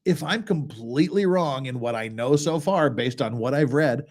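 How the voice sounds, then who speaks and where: A man's voice: mid-range voice, animated, moderate pace, a little mellow. A man, a lawyer, giving casual reaction commentary as he reads a blog aloud, talking conversationally with exasperated asides.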